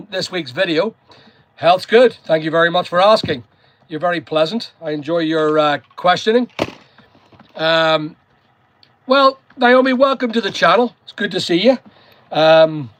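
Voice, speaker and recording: A Northern Irish live stream host with a high, slightly bright voice rambles through a casual live chat, greeting viewers by name. A little hiss or hum sits under the audio.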